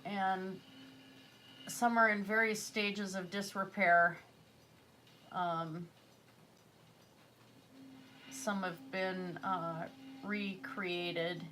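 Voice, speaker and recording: A woman's voice: medium pitch, steady tone, drawn-out words, long pauses, bright, forceful tone, soft background music. A woman chatting casually while she paints on a livestream, rambling with fillers and self-corrections. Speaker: artist livestreaming a painting session.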